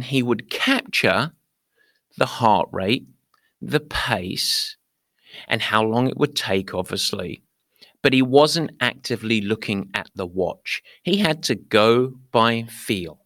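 Lively podcast coach, dry close sound. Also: male voice, medium pitch, slow pace, no echo. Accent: not American. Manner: lively storyteller, talks to listeners directly. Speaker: running coach. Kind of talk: podcast monologue.

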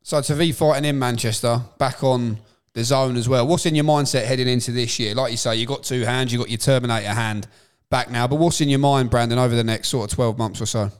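A man's voice: mid-range voice, steady tone, fairly quick, clear, resonant tone. A man hosting a casual chat interview, laughing along with his guest. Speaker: host.

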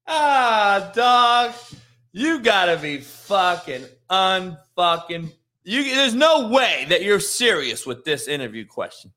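A man's voice: sits high, sing-song, takes it slowly, pushed and bright. A man hosting a show as a football coach, ranting bluntly and mockingly with frequent swearing. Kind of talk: casual profane rant.

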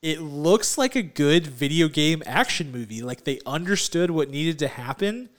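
A man co-hosting a podcast in casual chat, excitable, often laughing and saying "like" a lot, on a remote call. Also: fairly high pitch, normal speed. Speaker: podcast co-host.

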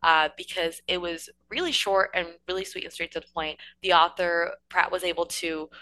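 Woman, podcast guest, lower pitch, bright forceful tone, measured delivery. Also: slight background noise, low-quality recording. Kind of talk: casual book review chat.

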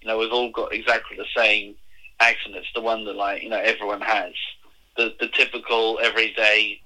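An English man in casual conversation, explaining things in a measured way with plenty of fillers. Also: lowish voice, level tone, sharp tone, rough recording. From England. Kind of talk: casual chat.

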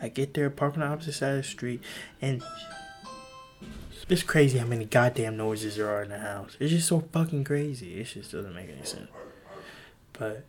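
A young man rambles through a solo podcast from a room at home, his pitch jumping all over as he talks. He is loose, profane and quick to mock himself, with a middle-pitched voice. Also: expressive, soft background music. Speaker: podcast host.

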